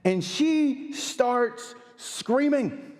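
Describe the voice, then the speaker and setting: A man in his thirties, a pastor telling a funny, animated story during a sermon. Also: very high voice, extremely slow. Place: church sanctuary. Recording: long hall reverb.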